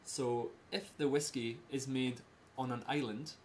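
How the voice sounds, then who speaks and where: A Scottish man giving a casual talk to a small group, in simple slow words and laughing often. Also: mid-range voice, fairly even intonation, a little hiss or hum. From Scotland. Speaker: presenter giving a talk about Scotland.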